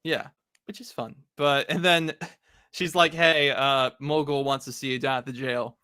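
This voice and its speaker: A man's voice: mid-range voice, fairly even intonation, unhurried, bright, forceful tone, clean tone, dry recording, clean studio sound. A man co-hosting a casual comic recap, rambling with lots of fillers and frequent laughter. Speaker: podcast co-host.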